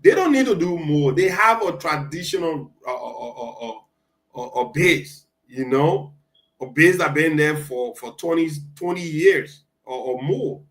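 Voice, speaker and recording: A man co-hosting a casual political talk show, talking in halting bursts with many restarts. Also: a little high, expressive, a bit bright, poor audio.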